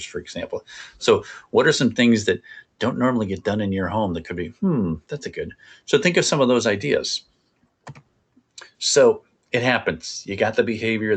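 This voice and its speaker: A man presenting a parenting workshop in a conversational, animated coaching way. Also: on the low side.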